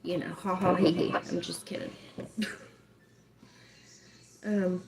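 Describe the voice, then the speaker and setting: A woman's voice: fairly low pitch, level tone, takes it slowly, creaky, crowd noise. Joking woman streamer. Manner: joking, laughs often, swears playfully. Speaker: livestream host. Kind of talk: casual livestream chat.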